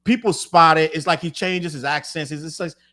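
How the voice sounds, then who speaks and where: A man co-hosting a podcast in casual chat, rapid and animated, cursing freely and repeating words as he restarts. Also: fairly high pitch. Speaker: podcast co-host.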